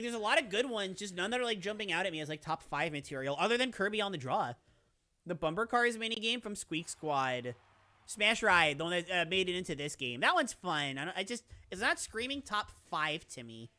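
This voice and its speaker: A playful male streamer chats with his viewers in a high, bright voice. His pitch swoops all over as he rambles, restarts and reads out chat. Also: big pitch swings, quick pace, faint music behind. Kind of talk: casual live-stream chat.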